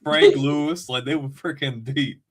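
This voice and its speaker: A man's voice: mid-range voice, unhurried. A man co-hosting a casual football podcast, ranting heatedly and cursing a lot. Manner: heated, profane, animated ranting. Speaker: podcast co-host. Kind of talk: casual sports chat.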